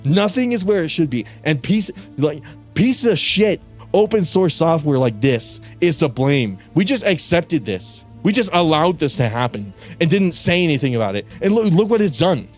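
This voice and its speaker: A young male streamer in a casual livestream rant, cursing and venting in frustration with bursts of yelling. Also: fairly high pitch, sing-song, moderate pace, faint music behind. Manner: frustrated, profane ranting with bursts of yelling and laughter.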